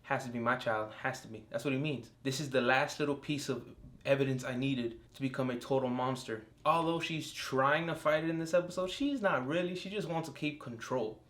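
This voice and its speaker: A young man talks casually through a solo TV episode review at a middle pitch. His delivery is excitable and full of swearing, and he leans into bursts of enthusiasm. It sounds like a relaxed one-person vlog. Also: a little fast. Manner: excitable and profane, with outbursts of enthusiasm. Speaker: TV show reviewer.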